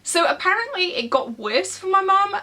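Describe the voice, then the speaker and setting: A bright, high-voiced young woman in her twenties sits indoors and tells a casual storytime to a camera. She is animated and laughs often, and she acts out the quoted dialogue in her story. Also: moderate pace. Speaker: vlogger. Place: indoor room, seated.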